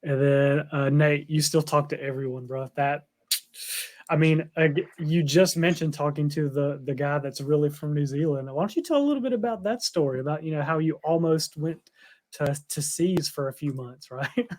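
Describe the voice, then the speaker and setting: A man's voice: a little high, normal speed, a little mellow. Rambling young man. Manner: rambling, filler-heavy, with frequent "like". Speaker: podcast co-host. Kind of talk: casual chat.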